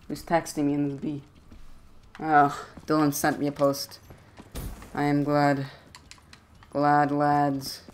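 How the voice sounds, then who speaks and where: A young man casually commentating his own gameplay at home, jokey and trash-talking with sudden loud outbursts. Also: on the high side, completely flat delivery, unhurried, pauses often, a little hiss or hum. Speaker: gaming YouTuber. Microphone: desktop USB mic.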